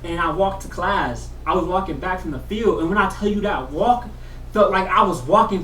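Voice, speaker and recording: Slangy vlogger rambling a story, bright bouncy voice, kinda far from the mic in an echoey room. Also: mid-range voice, moderate pace, slight background noise. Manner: slangy, keeps saying "bro"; swings between mumbling and loud excited bursts. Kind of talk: casual storytelling vlog.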